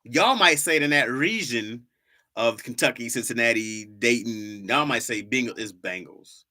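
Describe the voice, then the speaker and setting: Hosting a laid-back livestream, this man sounds medium-pitched, bright and forceful, animated at a moderate pace. He talks directly to his viewers, says "y'all" often, and teases them by repeating words for laughs.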